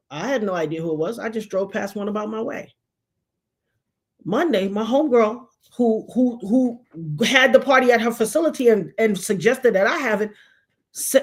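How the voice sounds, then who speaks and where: A woman, telling a personal story dramatically, acting out the voices of the people she quotes and repeating lines for emphasis. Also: mid-range voice.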